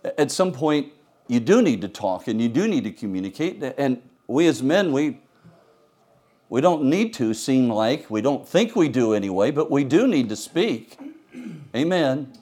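A middle-aged male pastor preaching a storytelling sermon, animated, swinging between loud emphasis and quiet asides. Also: medium pitch, measured pace, breathy edge.

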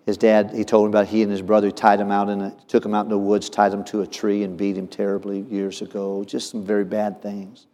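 A male pastor telling a personal story in a sermon, earnest and often dropping to a soft low voice. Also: monotone, brisk, few pauses. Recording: long hall reverb.

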